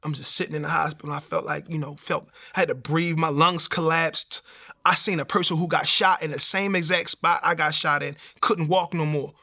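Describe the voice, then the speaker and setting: Young man, streetwise testimony, animated, raspy fry, fairly high. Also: a little fast. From Baltimore. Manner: streetwise, animated storytelling with slang. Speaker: testimony speaker. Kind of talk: personal testimony storytelling.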